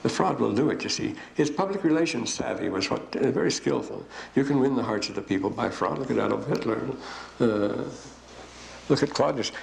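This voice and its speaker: An older man giving a rambling, digressive classroom lecture with frequent pauses. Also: mid-range voice, animated, gravelly. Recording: echoey room, faint hiss.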